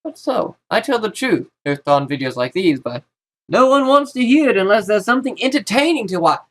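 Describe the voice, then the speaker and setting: A man's voice: high-pitched, expressive, a little fast, vocal fry. A man and YouTuber talking straight to camera in a casual vlog monologue. He rambles, interrupts himself often and states blunt opinions.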